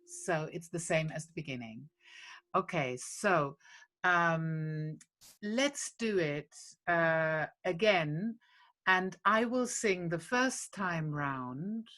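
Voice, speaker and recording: A woman's voice: on the low side, animated, slow, fairly bright tone. A woman leading a lullaby workshop, patiently explaining a song step by step and breaking off to sing phrases. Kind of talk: teaching a song to a group.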